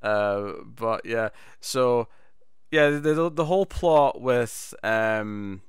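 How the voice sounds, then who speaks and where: Male podcast co-host, smooth clear voice, dry sound, rambling amused recap. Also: medium pitch, animated, slow, dry recording. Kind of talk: casual TV review chat.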